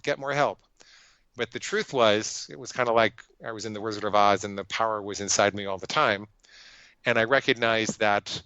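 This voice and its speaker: In a lowish, smooth voice with a sharp tone, this man, a psychologist, shares his story as a guest on a podcast, speaking earnestly and emphatically with frequent restarts. The conversational interview is recorded lo-fi, without echo.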